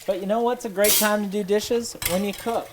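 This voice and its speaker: A woman hosting a home cooking show, talking in a rambling, wry and self-deprecating way in her kitchen, a little nervous and halting. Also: medium pitch, fairly even intonation, background noise. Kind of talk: rambling casual monologue while cooking. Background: running water and sizzling pan.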